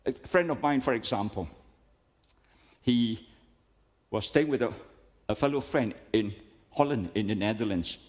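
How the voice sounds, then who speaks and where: A man's voice: lowish voice, measured pace, pauses often, darkish tone, long reverb tail. A man with a Malaysian English accent preaching a sermon, emphatic and full of rhetorical questions, often calling his listeners friends.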